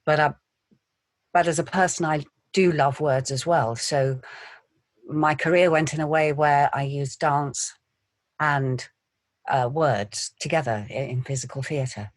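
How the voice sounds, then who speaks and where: A woman, an actor, telling stories in a quiet, measured way in an interview. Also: deep voice, steady tone, no room sound. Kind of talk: interview answers.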